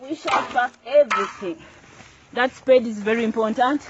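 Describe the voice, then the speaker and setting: A slightly high-pitched woman speaks at a moderate pace over background noise, in a dull lo-fi recording. She's a farmer hosting her own channel, giving a casual tutorial on planting crops outdoors. Working with her hands, she repeats phrases and stays upbeat and instructive.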